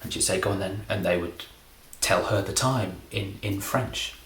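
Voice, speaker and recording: Deep-voiced deadpan man. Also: unhurried, roomy sound, slight background noise. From England. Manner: deadpan, self-deprecating, meandering. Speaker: comedy magician. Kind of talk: rambling comedic monologue.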